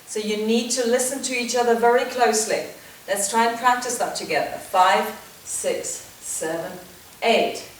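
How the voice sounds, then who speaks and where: A woman dance teacher giving step-by-step instruction, counting beats and calling out steps in a steady rhythm. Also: a little high, a little fast. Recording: echoey, distant, noisy room sound.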